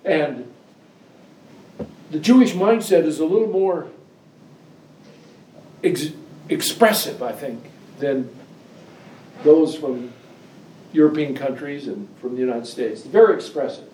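A male pastor preaches in a church, mixing scripture reading with personal stories and climbing to emphatic heights on key verses. His voice sits a bit high and is picked up from a distance, with a roomy echo and faint ambience behind it. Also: slow pace, long pauses, a little hiss or hum. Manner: animated storyteller, rising to high emphatic pitch on scripture. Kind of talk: sermon with scripture reading and anecdotes. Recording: echoey room, distant mic, faint ambience.

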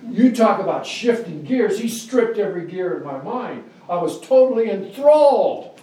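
A man preaching a sermon, telling stories and reading scripture with animated, emphatic delivery. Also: normal speed. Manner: animated storyteller, rising to high emphatic pitch on scripture. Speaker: pastor. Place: church. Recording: echoey room, distant mic, faint ambience.

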